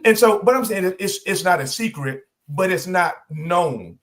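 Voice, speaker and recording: A man's voice: high-pitched, lively intonation, moderate pace, a bit bright. A man co-hosting a radio talk show, chatty and making points with examples while losing his voice. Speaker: co-host. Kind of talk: casual radio panel talk.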